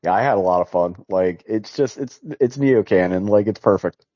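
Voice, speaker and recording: A man's voice: fairly low pitch, moderate pace, dark tone, dry recording. A man co-hosting a casual movie review chat, sarcastic and laughing as he talks. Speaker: podcast co-host. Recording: dull lo-fi sound, dry.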